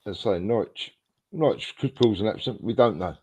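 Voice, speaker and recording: A man's voice: lowish voice, expressive, a little fast, mellow, slight background noise. A man with an English accent co-hosting a casual football fan show, easygoing and a little rambling. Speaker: podcast co-host. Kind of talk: casual chat.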